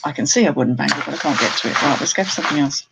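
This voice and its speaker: A woman's voice: low voice, lively intonation, rapid-fire, creaky, heavy background noise. A middle-aged woman, chatting casually and exclaiming as she unboxes and talks to viewers on a live stream. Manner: chatty, exclaiming, thinking aloud. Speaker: jewellery reseller hosting a live haul stream.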